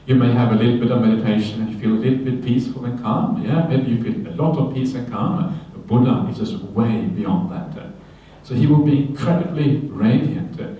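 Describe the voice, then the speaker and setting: A man, a Buddhist monk, giving a conversational Dharma talk at a retreat, with many fillers and "yeah?" tags, breaking into lively quoted voices. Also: medium pitch, a little fast, highs cut off. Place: retreat hall. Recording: very echoey hall, voice from far off.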